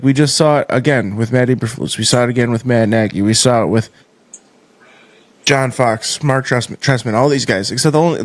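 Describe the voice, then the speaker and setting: A man riffs through a casual sports podcast chat, restarting sentences and filling pauses as he goes. His voice sits in a middle pitch, recorded dry and close with no room sound. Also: dry recording. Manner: joking, lots of fillers and restarts. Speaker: podcast co-host.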